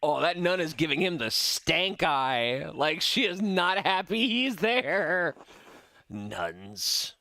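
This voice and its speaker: A man's voice: fairly high pitch, sing-song, slow, creaky, sharp tone, dry recording. A man casually commenting while playing a video game, joking, swearing and laughing often. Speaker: gaming streamer. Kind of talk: casual let's-play commentary.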